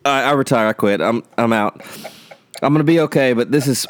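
A man co-hosting a casual podcast, talking in an animated way and sputtering and coughing through burning hot sauce. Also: medium pitch, brisk, slight background noise. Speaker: podcast co-host.

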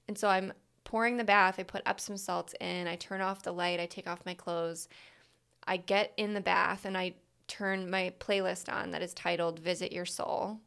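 A woman's voice: medium pitch, fairly even intonation, moderate pace, vocal fry, a bit bright, clear, resonant tone. A woman talking candidly in a reflective personal monologue, with many "like" fillers.

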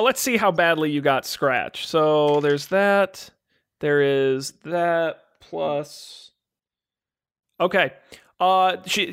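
A man's voice: sits high, fairly bright tone. Casual man running a tabletop game. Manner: casual, joking, quick asides. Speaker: game master.

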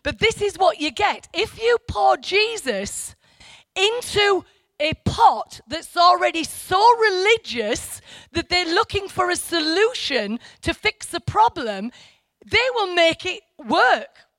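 A woman's voice: very high voice, very animated, takes it slowly, fairly bright tone, dry recording, clean studio sound. A middle-aged woman from England giving an informal, chatty Bible teaching that wanders off track and then presses hard on her key points. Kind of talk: informal Bible study talk.

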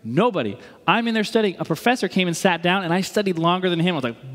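A man's voice: high-pitched, lively intonation, fast talker, few pauses. Man, pastor, sermon, conversational, playful asides, long hall reverb.

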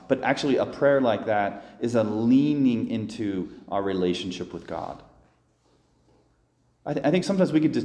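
A man's voice: medium pitch, mellow. A man, a priest, giving a sermon in a plain, conversational way, talking through the prayers he describes. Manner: earnest, conversational preaching with restarts and voiced inner prayers. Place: church. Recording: echoey church hall.

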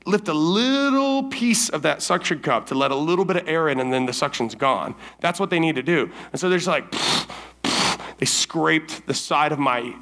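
A man speaking to teens at a summer camp service, telling a story in a casual, animated way and acting out his own lines. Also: fairly high pitch, normal speed. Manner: casual, many fillers like "like" and "right?".

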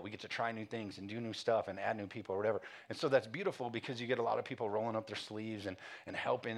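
A male pastor preaching a sermon, telling a home story with frequent chuckles and then turning to earnest calls for passion. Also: on the low side. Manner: casual storytelling, chuckling often; earnest exhortation.

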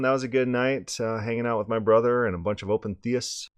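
A man with a hoarse, scratchy voice hosting a podcast, rambling casually and repeating words as he restarts his sentences. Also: medium pitch, steady tone, brisk, no echo, clean studio sound. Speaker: podcast host.

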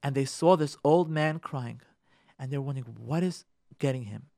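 A man, a rabbi on a radio show, urging his listeners in an impassioned talk, repeating his key points and swinging from loud pressing to soft pleading. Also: medium pitch, normal speed, vocal fry, dry recording, clean studio sound.

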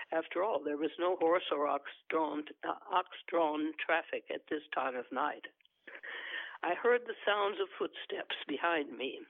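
A man with a gravelly voice reads a first-person novel aloud and breaks off for halting asides. His voice sits a little high for a man. The sound is dry and tinny, as if over a phone line. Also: dry recording. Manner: hesitant, filler-heavy asides between steady reading. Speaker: reader of a novel.

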